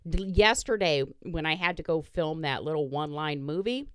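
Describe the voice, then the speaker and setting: A woman hosts a podcast in loose, bawdy conversation, joking about herself and laughing a lot. Her voice sits a little low and swings widely in pitch. The sound is dry and close. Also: animated, normal speed, clean tone, no echo. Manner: bawdy, laughing, self-mocking. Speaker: podcast host. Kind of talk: casual chat.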